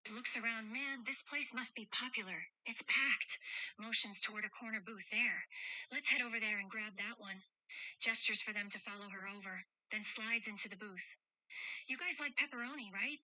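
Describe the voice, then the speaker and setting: Woman playing a gentle, teasing guardian of two kids, bright dry voice, reads her own actions aloud. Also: on the high side, moderate pace, dry recording, rough recording. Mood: tender, playful. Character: caring adult woman protecting two children. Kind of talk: role-play chat read aloud with stage directions.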